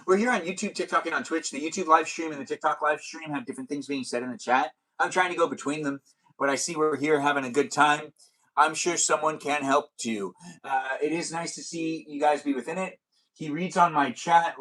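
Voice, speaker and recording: A man's voice: on the high side, bright, forceful tone, poor audio. A man hosting a casual livestream chat, rambling and thinking aloud with fillers and restarts. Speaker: livestream host.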